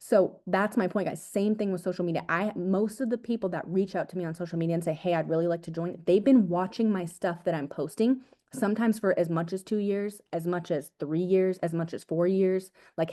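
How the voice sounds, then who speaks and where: A young woman, an agency owner, gives an energetic, casual motivational talk to her team over a video call, repeating her points and calling them "guys". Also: on the low side. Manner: energetic, repetitive, casual slang like "dude" and "guys".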